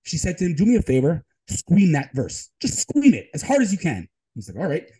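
Animated man telling stories with emphasis. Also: on the high side, brisk, breathy edge, low-quality recording. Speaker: guest, tech advisor and Israel advocate. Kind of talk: storytelling interview talk.

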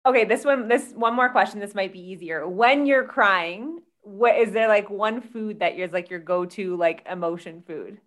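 A woman with a mid-range voice hosting a podcast. She asks her guest questions in a relaxed, conversational way. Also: medium pitch, moderate pace, few pauses. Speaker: podcast host. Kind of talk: casual interview chat.

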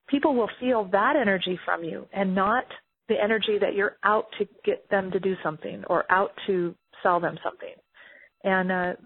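A woman guest in an interview, explaining coaching in energetic casual talk and acting out sample calls. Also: mid-range voice, husky, dry recording. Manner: energetic, role-plays sales calls. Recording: tinny phone line, dry.

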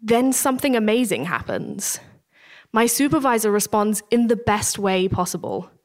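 A young woman, telling a candid, self-deprecating story about her own life and slowing down at the emotional moments. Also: medium pitch, animated. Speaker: PhD student. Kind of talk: first-person storytelling.

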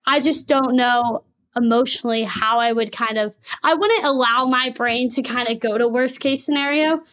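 High-voiced hesitant young-sounding woman. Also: normal speed, a bit bright. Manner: hesitant, lots of "kind of" and "like". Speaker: podcast guest. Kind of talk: casual conversation.

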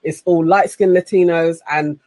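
A podcast co-host speaking earnestly in casual chat, rushing at times. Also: medium pitch, steady tone, mellow, no room sound.

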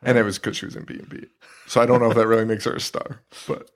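A man co-hosting a horror movie podcast, excitedly retelling scenes in casual, profane chat. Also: medium pitch, racing, creaky. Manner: excitable, swearing, retells scenes with quoted voices. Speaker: podcast co-host.

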